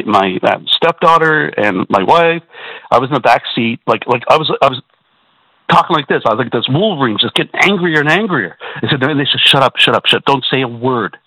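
Man on a call-in show, bright forceful voice, dry sound, keeps restarting his words, worked up. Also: mid-range voice, expressive, a little fast, no echo, rough recording. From Canada. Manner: agitated, repetitive, stammering restarts. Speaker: caller. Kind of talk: call-in radio talk.

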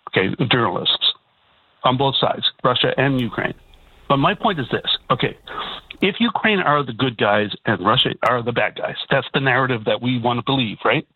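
A man's voice: mid-range voice, lively intonation, normal speed, husky, no room sound. A man calling in to a radio show, agitated and stumbling over restarts as he talks. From Canada. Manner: agitated, repetitive, stammering restarts. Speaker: caller. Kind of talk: call-in radio talk. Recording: tinny phone line.

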